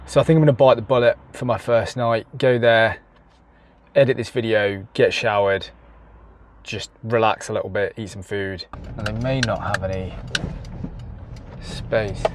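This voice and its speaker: A man's voice: fairly low pitch, steady tone, moderate pace. Chatty man vlogging from his car. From England. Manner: chatty, self-deprecating, laughs at himself. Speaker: travel vlogger. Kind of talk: casual travel vlog. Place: in a car and outdoors on a ferry. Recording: noisy car and outdoor background. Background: car and traffic noise.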